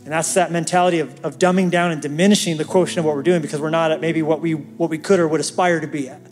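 A man's voice: on the high side, fairly even intonation, fast, faint music behind. A man preaching a sermon as pastor, telling a story and building to fervent calls to the congregation.

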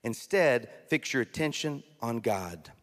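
A man preaching a sermon as a pastor, lively and conversational, often slipping into mock voices and asides. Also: medium pitch, unhurried. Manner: animated, acts out mocking voices, conversational asides. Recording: long hall reverb.

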